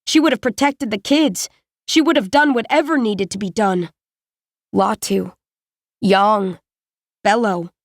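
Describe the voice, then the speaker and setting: A woman reading a first-person audiobook in a steady, measured storytelling manner, close to a studio mic. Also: medium pitch, dry recording. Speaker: audiobook narrator.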